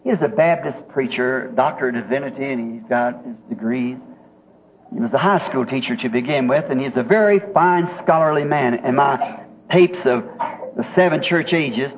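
A man's voice: medium pitch, normal speed. A man with a Southern American accent, telling a folksy, homespun story in a sermon, chuckling as he goes. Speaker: preacher. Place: church meeting. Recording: tinny lo-fi old tape with faint hiss.

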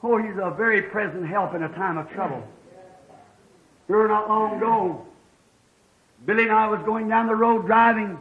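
A man preaching a fervent sermon, rising to shouts as he tells stories. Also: very high voice. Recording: dull lo-fi old tape.

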